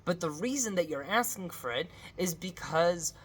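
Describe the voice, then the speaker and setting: A woman's voice: on the low side, expressive, normal speed, a little hiss or hum. A woman teaching a casual spoken lesson, conversational and earnest, often checking in with a questioning "right?" and turning pleading when she voices prayers.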